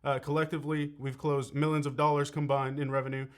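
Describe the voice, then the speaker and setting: A man's voice: mid-range voice, level tone, fairly quick, clean tone. A young man giving a sales training lesson in a conversational way, often checking in with "right?". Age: young adult. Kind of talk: coaching talk.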